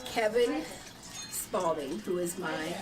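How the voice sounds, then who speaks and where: A woman telling a personal story in a measured, plain way. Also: lowish voice, animated, rough recording. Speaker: interviewee.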